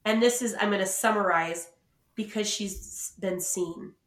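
A woman co-hosting a podcast tells a story in casual chat, animatedly acting out what people said. Her voice is mid-range at a normal speed, and the recording has a roomy echo.

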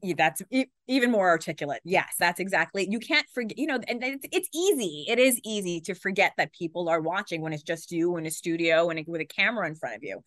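Fast-talking woman anchor, slightly low voice, dry close sound, acts out quotes. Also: no room sound. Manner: fast, animated talker who acts out quotes. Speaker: TV news anchor guest. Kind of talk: conversational interview.

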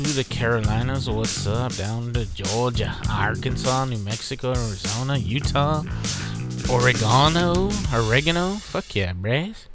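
A man from Texas hosting a podcast alone, talking in a rambling, profane, laid-back way. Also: medium pitch. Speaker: podcast host. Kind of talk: casual solo podcast monologue.

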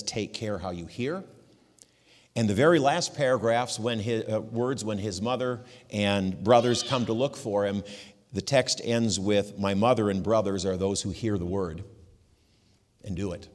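A male pastor preaching a sermon and reading scripture aloud, with a measured delivery and occasional fillers. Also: on the low side, long reverb tail.

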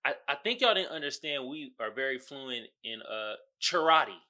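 A man's voice: medium pitch, expressive, moderate pace, bright, forceful tone. An American man hosting his own podcast, ranting in a mocking, profane way and laughing at his own jokes. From United States. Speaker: podcast host. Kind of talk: solo podcast rant.

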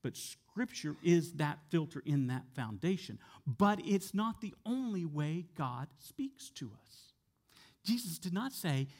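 A male pastor preaching a sermon in a conversational way, sometimes dropping soft and slow for emphasis. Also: on the high side, sing-song. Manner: conversational with fillers and repeated words.

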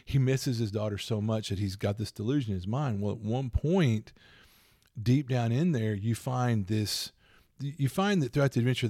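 Gravelly, mellow-voiced man telling gaming stories. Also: fairly low pitch, no room sound, studio quality. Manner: rambling, animated storytelling with laughs. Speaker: podcast co-host and game master. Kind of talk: casual chat about tabletop gaming.

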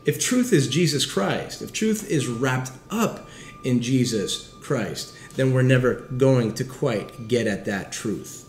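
Animated man preaching a sermon. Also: medium pitch, takes it slowly, roomy sound, slight background noise. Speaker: pastor. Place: city setting with background street noise.

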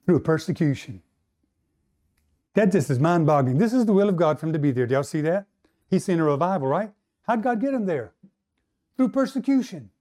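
Man, pastor preaching a sermon, fairly high voice, climbs higher and louder for emphasis, asks the crowd for replies. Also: expressive. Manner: rising to a higher, louder pitch to stress points, slowing on key lines.

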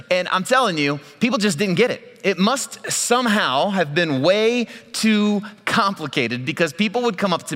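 A male pastor giving a sermon, telling a personal story in a lively way and laughing often. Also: high voice, big-room sound.

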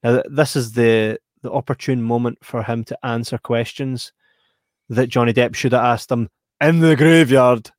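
A young man chats casually, spinning a story with animated energy and bursts of laughter. His voice sits at an ordinary middle pitch, recorded close with a dry, dead room sound. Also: normal speed, no echo. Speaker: podcast co-host. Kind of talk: casual chat.

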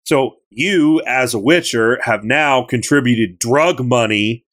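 A man chatting casually on a gaming podcast, retelling a story with animated, joking energy. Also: mid-range voice, takes it slowly. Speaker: podcast co-host recapping a game.

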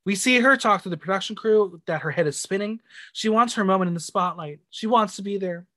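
A man's voice: sits high, fairly quick, sharp tone, dry recording. A man co-hosting a casual podcast, recapping a drag show and reading out the judges' critiques with sass. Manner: reads out judges' critiques, sassy. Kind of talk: casual chat.

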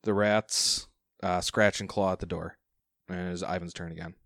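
A man runs a tabletop game as its game master, his voice sitting a little low. He describes the action in an easy, chuckling way, and the sound is dry with no room around it. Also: little pitch movement, normal speed, fairly bright tone, no echo. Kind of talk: running a tabletop game over chat.

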